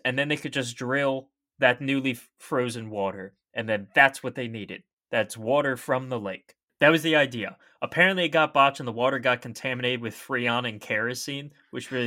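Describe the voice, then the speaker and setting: A man's voice: mid-range voice, pushed and bright. A young man co-hosting a podcast, explaining science facts in an easy, chatty way. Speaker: podcast co-host. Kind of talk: casual science podcast chat.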